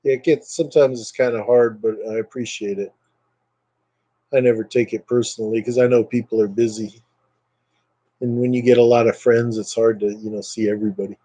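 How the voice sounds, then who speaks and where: A man's voice: medium pitch, steady tone, fairly quick, mellow, rough recording. A man chatting casually on a live stream, rambling with lots of fillers and thanking viewers by name.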